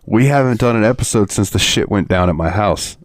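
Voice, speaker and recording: Male podcast host, low voice, dry close sound, swears and laughs through his stories. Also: lively intonation, a little fast, dry recording. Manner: profane, laughing storyteller. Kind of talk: casual chat.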